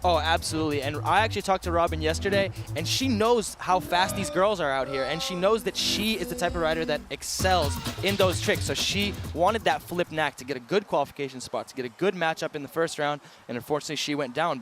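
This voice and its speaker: A man's voice: fairly high pitch, brisk, fairly bright tone, soft background music. A man giving expert co-commentary outdoors at a bike event, emphatic and repeating words for stress. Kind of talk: live sports commentary.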